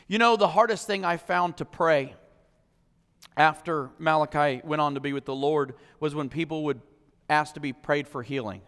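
A man preaching a sermon as pastor, impassioned, swinging from loud declarations to hushed, personal moments. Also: fairly high pitch, moderate pace, clear, resonant tone. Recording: long hall reverb.

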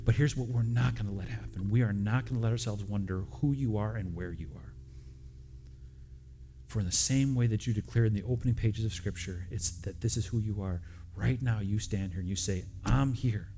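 Pastor guy preaching, low mellow voice, earnest and direct, repeats himself a lot. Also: fairly quick, a little hiss or hum. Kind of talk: sermon and communion prayer. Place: church sanctuary with congregation.

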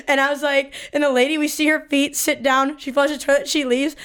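Animated, foul-mouthed young woman storyteller. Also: high voice, a little fast, few pauses. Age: 20s. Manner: animated, swears a lot, acts out quotes. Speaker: podcast co-host. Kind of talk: casual storytelling.

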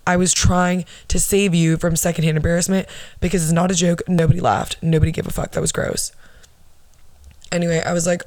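A woman's voice: lowish voice, steady tone, a little fast, darkish tone, no room sound. A young woman in her twenties telling a story on her podcast in a casual, sarcastic and blunt way, swearing freely. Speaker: podcast host.

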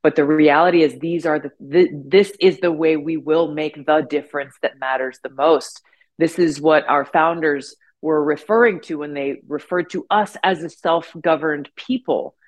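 A woman guest speaks in an earnest, rousing way about civic duty. She delivers her points with measured, deliberate emphasis. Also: deep voice, steady tone. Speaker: guest politician. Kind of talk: political speech in interview.

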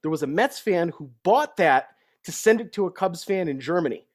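A man's voice: high voice, lively intonation, moderate pace, no room sound, clean studio sound. A young adult man chatting casually on a sports talk show, telling stories in a chatty way. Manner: chatty storyteller. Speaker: podcast co-host.

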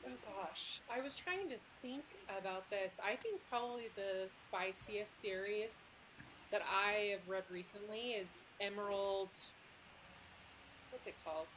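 A woman's voice: mid-range voice, unhurried, a bit bright, a little hiss or hum, poor audio. A woman author, a guest on a podcast, chatting casually with lots of fillers and giggles. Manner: giggly, filler-heavy, rambling.

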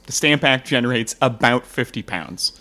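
A man's voice: medium pitch, lively intonation, moderate pace, sharp tone. Man explaining history in casual chat. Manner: explains at length, laughs easily. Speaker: history podcast host.

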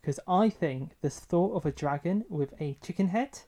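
A man co-hosting a casual podcast chat with a dry, teasing, measured manner. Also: high-pitched, lively intonation, dark tone. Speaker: podcast co-host.

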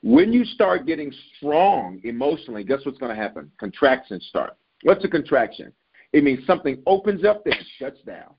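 A man preaching a sermon to leaders, repeating lines for emphasis and swinging his pitch up and down as he builds. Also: big pitch swings, normal speed, vocal fry, slightly rough, lo-fi sound.

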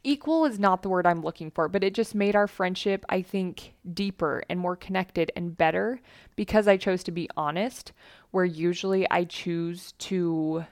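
A woman's voice: lowish voice, moderate pace, no room sound, clean studio sound. A woman hosting a podcast, telling personal stories to listeners in an earnest, chatty way and voicing the people she quotes. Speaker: podcast host.

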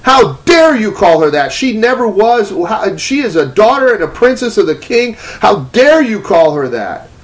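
A man doing God as a stern, high-pitched scold. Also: big pitch swings, moderate pace, few pauses. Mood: stern rebuke. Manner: scolding, insistent. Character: God, a stern commanding male voice.

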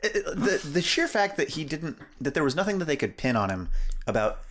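Agreeable male co-host, lively pitch. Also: fairly quick. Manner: agreeable, chimes in with short affirmations. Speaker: podcast co-host. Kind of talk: casual chat reviewing a documentary.

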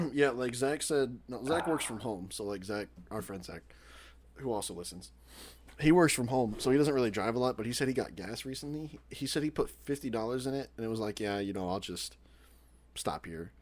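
A man's voice: medium pitch, a little fast. A man of twenty-seven co-hosting a podcast, talking casually with a friend and laughing often. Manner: laid-back, laughs often, mock-grumpy. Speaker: podcast co-host. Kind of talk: casual chat between friends.

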